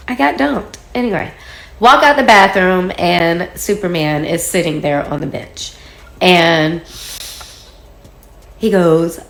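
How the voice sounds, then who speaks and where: In an echoey room, a woman in her forties tells a personal story for a social media video, chatty and casual, acting out the quoted dialogue. Her voice is lowish and creaky.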